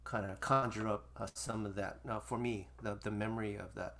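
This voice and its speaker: A man's voice: lowish voice, fairly even intonation, a little fast, creaky, fairly bright tone. A man in his sixties, a musician and teacher, talking casually and reading from his memoir over a video call, rambling with many restarts. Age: 60s. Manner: rambling and conversational, full of restarts. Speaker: musician and Asian American studies teacher. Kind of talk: casual talk with memoir reading to an online audience.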